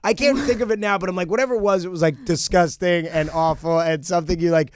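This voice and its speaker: A man's voice: high-pitched, quick pace. A male comedian telling a story in casual chat, rambling with many fillers. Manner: rambling, lots of likes and you-knows.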